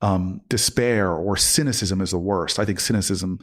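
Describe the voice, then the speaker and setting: A man telling a story as a podcast guest, acting out quoted dialogue with sudden jumps up in pitch, and often restarting and repeating words. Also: normal speed. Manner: frequent restarts and stammered repeats. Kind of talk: animated storytelling in a podcast interview.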